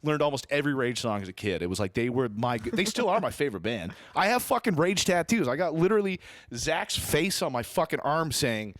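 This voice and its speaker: A man's voice: fairly high pitch, brisk, no room sound, clean studio sound. A man co-hosting a podcast, ranting and swearing in casual chat. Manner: animated, swears a lot, ranting. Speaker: podcast co-host.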